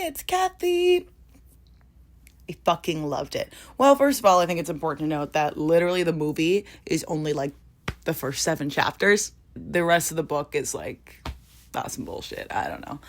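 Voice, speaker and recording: Low-voiced chatty young woman. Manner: chatty, filler-heavy, swings into high excited bursts. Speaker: vlogger. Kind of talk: casual chat about books.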